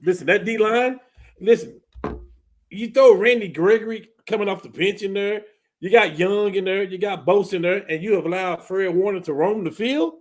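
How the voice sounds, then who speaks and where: High-voiced man ranting about football. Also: normal speed. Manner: fired-up, exasperated rants. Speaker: sports talk panelist. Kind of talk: casual sports chat.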